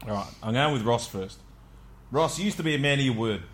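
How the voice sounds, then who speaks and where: A man's voice: mid-range voice, animated, fairly quick, fairly bright tone. A man ribbing his podcast co-host in casual banter, in a mock-grave teasing way.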